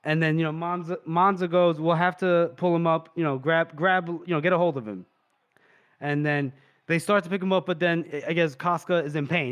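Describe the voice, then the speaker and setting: A man's voice: a little high, fairly even intonation, normal speed, fairly bright tone, smooth, no echo, studio quality. A man co-hosting a podcast, casually retelling book scenes and acting out the characters' lines. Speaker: podcast co-host.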